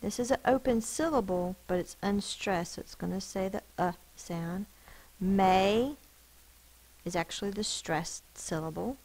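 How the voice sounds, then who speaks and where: A woman with a fairly low, darkish voice teaches spelling on a low-quality recording. Patiently and slowly, she sounds out each word with care and explains the rule behind each sound.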